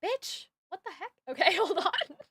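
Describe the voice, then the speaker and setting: Woman, reaction streamer, high voice, dry close sound, excitable, rambling. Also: normal speed, creaky, dry recording. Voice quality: alto singer. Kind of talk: live music reaction commentary.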